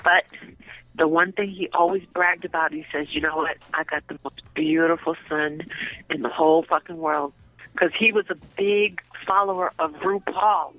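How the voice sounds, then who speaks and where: A woman guest telling animated, profane stories in a casual interview, often bursting into laughter. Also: sits low, moderate pace, lo-fi sound. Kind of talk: casual storytelling.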